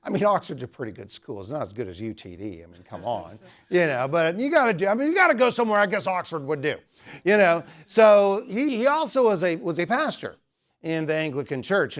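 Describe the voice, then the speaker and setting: A man giving a humorous teaching talk at a student apologetics club, rambling with many jokes and asides. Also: fairly high pitch.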